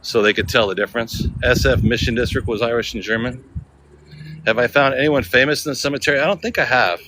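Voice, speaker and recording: A man's voice: mid-range voice, fairly even intonation, fast, noisy background. A man vlogging as he walks through a sunny outdoor cemetery, rambling and thinking aloud, often asking himself questions. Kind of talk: casual walking vlog. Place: outdoor cemetery in full sun.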